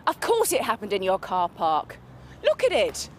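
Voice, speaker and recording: A woman's voice: medium pitch, huge pitch swings, normal speed, a little hiss or hum. An actress playing a furious woman customer, cutting and indignant in a TV soap scene. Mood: angry. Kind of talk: TV soap acting.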